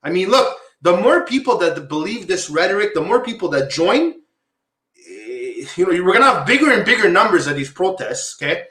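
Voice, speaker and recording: A Quebec man hosts a laid-back podcast talk show in a high, very animated voice, speaking at a moderate pace with a sharp tone. He rambles, repeats himself, and keeps addressing viewers as "guys." The room sounds echoey.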